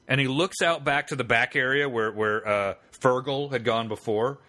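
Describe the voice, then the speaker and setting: Bright-voiced man telling a rambling story. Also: medium pitch, moderate pace. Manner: rambling, profane, animated storyteller. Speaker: podcast co-host. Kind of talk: casual storytelling.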